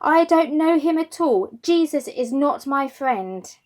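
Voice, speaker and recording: A woman's voice: high-pitched, animated, slow pace, a little mellow, pitched above the performer's own voice. A woman voicing a frightened male disciple as she reads a children's Bible story aloud, protesting anxiously. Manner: anxious, insistent denials.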